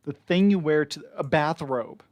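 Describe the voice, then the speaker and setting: A man's voice: on the high side, moderate pace, lo-fi sound, noisy background. A man narrating as game master of a tabletop game, loose and chatty, with many fillers.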